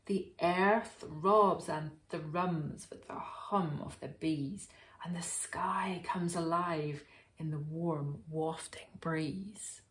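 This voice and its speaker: Woman doing hushed dreamy hares. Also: low-pitched, very slow, roomy sound. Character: busy dreamy family of hares.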